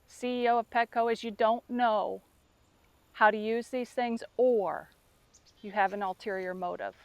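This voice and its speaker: A woman speaks straight to her listeners as a dog trainer, impassioned and openly emotional. Her voice sits a little high for a woman. The sound is dry and close, with no room echo. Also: fairly bright tone. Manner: impassioned and emotional, addressing critics directly. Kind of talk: direct-to-camera appeal.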